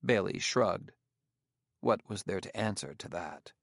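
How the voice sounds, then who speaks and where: A man reading an audiobook in steady, even narration. His voice is gravelly and recorded dry and close to the mic, with no room sound. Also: low voice, measured pace, no echo. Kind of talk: scripted narration.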